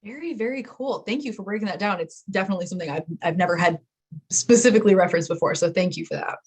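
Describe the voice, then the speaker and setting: A woman's voice: lowish voice, racing, a little mellow, slightly rough. A woman hosting a live online chat, talking casually with many fillers and self-deprecating asides. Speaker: webinar host.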